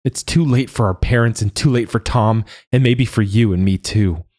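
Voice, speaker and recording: A man reading a quiet, earnest young girl's lines in an audiobook, soft and hesitant. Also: low voice, moderate pace, husky.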